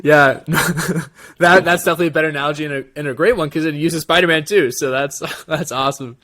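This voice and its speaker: A man's voice: on the high side, fast. Laughing, rambling man reviewing a show. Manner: laughs often, animated and rambling. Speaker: co-host. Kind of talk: casual review chat.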